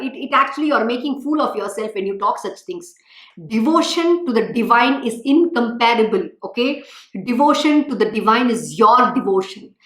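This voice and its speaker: A woman's voice: fairly high pitch, fairly bright tone, roomy sound. A woman giving an emphatic, scolding devotional talk as a spiritual teacher, full of rhetorical questions.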